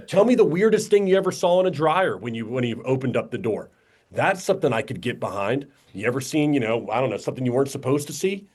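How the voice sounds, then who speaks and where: A man speaks as a guest on a podcast in a casual, blunt way. He acts out little quoted exchanges and drops casual swear words. His voice sits at an ordinary middle pitch. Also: lively intonation, a little fast, breathy edge. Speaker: podcast guest, media company owner.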